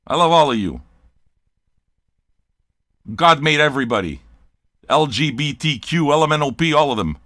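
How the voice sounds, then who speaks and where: A man's voice: on the high side, lively intonation, normal speed, long pauses, bright, forceful tone, no echo. Older man, show host, blunt and profane, rambling, dry close sound. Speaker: host of a record-listening show. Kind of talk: casual livestream rant.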